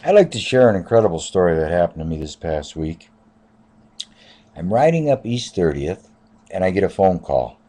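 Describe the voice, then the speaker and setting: Low, mellow-voiced man in his fifties telling a story. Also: very animated, normal speed. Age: 50s. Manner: rambling, repeats "I said" and "uh". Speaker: taxi driver. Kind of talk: casual spoken storytelling.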